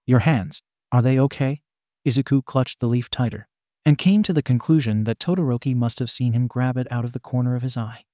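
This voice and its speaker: A man narrating a fan-fiction audiobook in a steady, gentle storytelling manner. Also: medium pitch, dry recording, clean studio sound.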